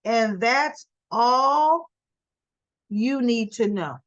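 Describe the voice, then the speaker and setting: A woman voicing a stern male mob boss who is guarding his family, speaking slowly and with emphasis. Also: fairly high pitch, expressive, no room sound. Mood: firm. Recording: dull dry sound.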